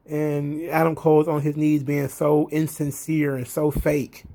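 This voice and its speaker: Casual male commentator, rambling and animated as he recaps. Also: fairly high pitch, unhurried, vocal fry, hardly any pauses. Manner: rambling, many fillers and restarts, animated retelling. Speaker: wrestling show commentator.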